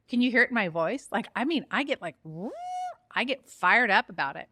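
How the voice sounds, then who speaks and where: A woman with a fairly high, animated voice, pushed and bright, hosts her own podcast in a candid solo monologue, with a slight hiss or hum in the audio. She is open and chatty, pokes fun at herself, and fires up quickly.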